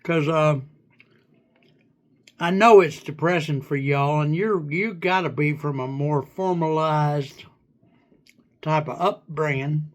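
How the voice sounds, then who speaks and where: A man's voice: on the high side, slow, pauses often. A man voicing a folksy, flirty hillbilly who makes up words, with a put-on Southern hillbilly accent, bantering on a livestream. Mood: folksy teasing. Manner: drawling, rambling, coins fake words.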